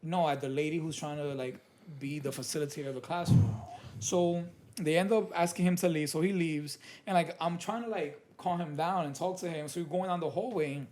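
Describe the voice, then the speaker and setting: A man's voice: fairly high pitch, a little fast, darkish tone, slight background noise. Rambling New man in his late twenties. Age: late 20s. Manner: rambling, many fillers and restarts. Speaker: guest, program supervisor in education. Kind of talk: casual podcast chat, storytelling.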